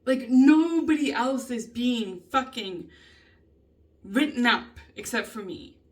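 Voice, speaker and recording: A woman venting in a casual vlog, upset and emotional, frustrated and swearing a lot with halting ums. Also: a little high, lively intonation. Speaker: vlogger. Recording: voice a bit distant from the mic.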